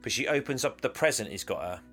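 A man casually recapping a film plot as a podcast co-host, animated and laughing often. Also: mid-range voice, fast talker, faint music behind. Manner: animated, laughing, acts out quotes. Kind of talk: casual chat.

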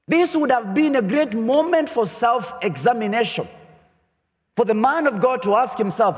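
A man preaching a sermon as pastor, lively and emphatic, often voicing pointed questions. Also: very high voice, normal speed. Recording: long hall reverb.

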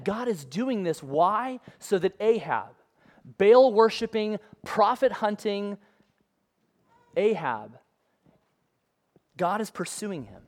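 High-voiced casual male preacher. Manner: casual and conversational with modern comparisons. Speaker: pastor. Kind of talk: sermon.

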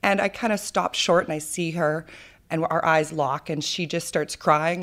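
A woman's voice: on the low side, a little slow. A woman in her thirties with a Canadian accent, the founder of a charity, telling her story earnestly and with feeling in a podcast interview. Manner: earnest, animated storyteller with fillers.

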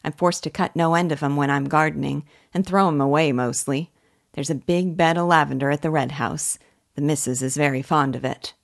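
Eager young country gardener, earnest and helpful, voiced by a woman, a touch brighter. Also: deep voice, steady tone, fairly quick, vocal fry. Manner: earnest, rustic talk.

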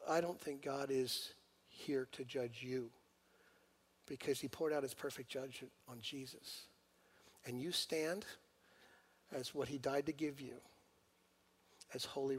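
A male pastor preaching a sermon in an animated way, swinging between loud urging and quiet, intimate asides. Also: mid-range voice.

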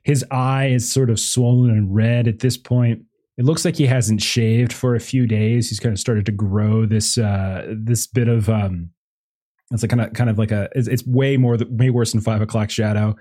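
A man's voice: mid-range voice, fairly even intonation, moderate pace, dark tone. A man narrating a tabletop role-playing game as game master, rambling with many fillers.

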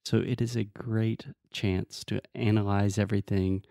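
A man's voice: on the low side, flat delivery, moderate pace, creaky, dark tone, no echo, studio quality. A man co-hosting a podcast as an English teacher, patiently explaining words and drilling pronunciation in casual chat.

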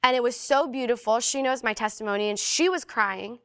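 Animated young woman telling a personal story. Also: on the high side, a little fast, clean tone. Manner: animated, fillers of "like", acts out quoted voices. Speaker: guest sharing a personal testimony. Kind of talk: casual storytelling.

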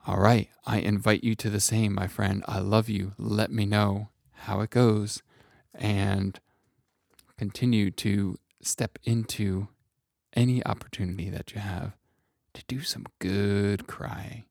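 A man coaching listeners on self-kindness in a soft, intimate way, calling the listener his friend. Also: lowish voice, flat delivery, measured pace, creaky, no echo, clean studio sound. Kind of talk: gentle motivational monologue.

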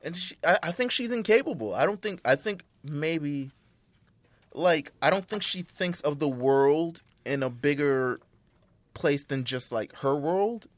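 A man's voice: medium pitch, no room sound. A man co-hosting a casual podcast chat, giving rambling, profane opinions with lots of fillers.

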